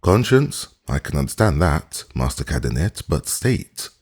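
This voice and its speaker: A man's voice: rumbling low, big pitch swings, unhurried, a little mellow, slightly rough, full character voice. A man doing a teasing young baron. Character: young male royalist baron, bold and teasing.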